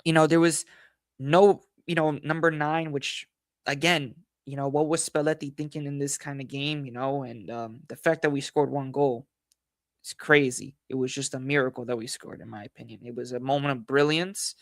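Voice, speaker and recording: A man hosting a football analysis livestream, hoarse from losing his voice, talking in a frustrated, rambling way full of fillers and repeated phrases. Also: medium pitch, fairly even intonation, normal speed, dry recording, clean studio sound. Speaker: football channel host.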